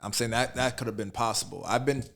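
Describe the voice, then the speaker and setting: A man's voice: medium pitch, fairly even intonation, quick pace, creaky, a bit bright. A man co-hosting a casual podcast, explaining things in a laid-back, matter-of-fact way. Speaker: podcast co-host.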